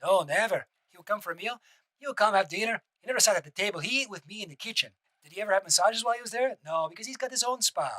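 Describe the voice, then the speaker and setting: A man doing a household manager with a put-on accent. He gives clipped, matter-of-fact answers in a high voice that stays bright and edgy. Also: fairly even intonation, very fast, few pauses, rough recording. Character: male household manager answering questions plainly.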